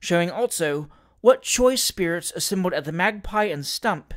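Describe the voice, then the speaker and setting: A man reading a classic novel aloud in a measured, expressive storytelling manner. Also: sits high. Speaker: audiobook reader.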